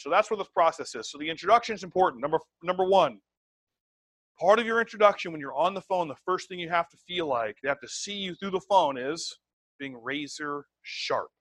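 A man's voice: a little high, normal speed, dry recording. A man teaching a live sales training to a group, emphatic and conversational, tagging his points with "right?" and "okay?". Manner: repeats words, conversational and animated.

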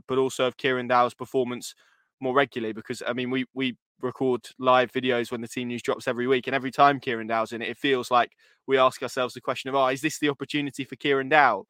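A man hosts a football podcast in a loose, rambling chat and keeps circling back with restarts and repeated words. He talks at a brisk clip. The sound is dry and close. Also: mid-range voice, a bit bright, clear, resonant tone, no room sound. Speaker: podcast host.

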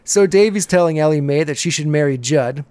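A chatty man with a slightly raised pitch hosts a podcast, retelling scenes casually and breaking into laughs as he goes. His voice sits close and dry, with almost no room sound. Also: fairly quick, mellow, dry recording. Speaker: podcast host. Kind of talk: casual episode recap.

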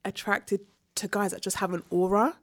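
A woman chatting casually with friends, giving short, relaxed replies. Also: mid-range voice, moderate pace. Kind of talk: casual chat.

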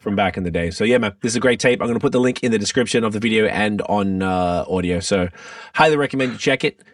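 A man co-hosting a podcast in a relaxed, chatty way, swearing freely. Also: lowish voice, fast talker, dry recording, recorded from a distance. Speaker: podcast co-host. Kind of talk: casual chat.

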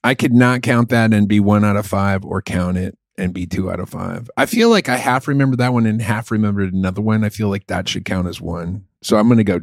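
A man co-hosting a podcast, bantering in a crude, excitable way. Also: on the low side, fairly quick, hardly any pauses, no room sound, clean studio sound. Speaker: podcast co-host. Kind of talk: casual comedic chat.

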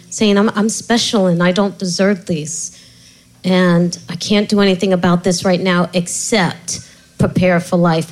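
A woman's voice: mid-range voice, rough recording. Candid woman author telling her story. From Puerto Rico heritage. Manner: animated storyteller, laughs often, many restarts. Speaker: author and guest. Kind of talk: candid interview conversation.

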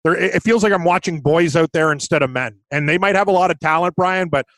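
A man's voice: on the high side, fast, a bit bright, dry recording. Fed-up male podcast co-host ranting. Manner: blunt, exasperated ranting. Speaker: podcast co-host, hockey betting. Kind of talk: casual sports betting chat.

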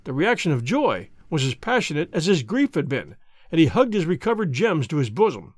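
A man's voice: fairly high pitch, big pitch swings, brisk, no room sound. A man narrating a classic story as an audiobook reader, telling it expressively. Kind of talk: scripted narration.

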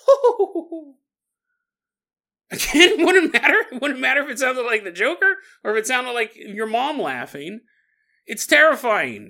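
A male podcast host retells a story in a loose, conversational way, cracking jokes and laughing as he goes. His voice is bright, and his pitch swings widely and expressively. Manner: joking, laughs often, acts out voices. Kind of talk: casual storytelling.

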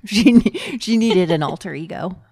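A woman co-hosting a podcast in casual chat, easygoing and quick to laugh. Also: mid-range voice, sing-song, darkish tone, no room sound, clean studio sound. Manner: easygoing, laughs readily, agreeable. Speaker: podcast co-host.

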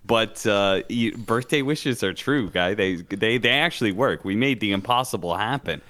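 A man's voice: lowish voice, expressive, moderate pace, a bit bright. A young man co-hosting a casual podcast, swearing freely and acting out quoted lines with lots of energy. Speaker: podcast co-host. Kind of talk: casual chat.

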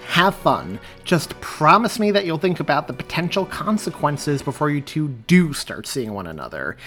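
A man's voice: on the high side, big pitch swings, moderate pace, sharp tone, faint music behind, pitched above the performer's own voice. A man voicing an exasperated, outspoken young woman in an audiobook reading. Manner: insistent, exasperated.

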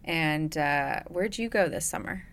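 A woman's voice: sits low, expressive, unhurried, creaky, fairly bright tone. A woman hosting a recovery podcast in a booth, in playful, jokey casual chat. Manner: playful, jokey, laughs often. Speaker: podcast host. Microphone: studio mic.

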